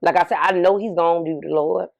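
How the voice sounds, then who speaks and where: A woman's voice: fairly low pitch, fairly even intonation, fast, creaky, a little mellow. A middle-aged woman talking candidly as an interview guest, emphatic, often repeating herself and asking rhetorical questions. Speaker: interview guest, bereaved mother.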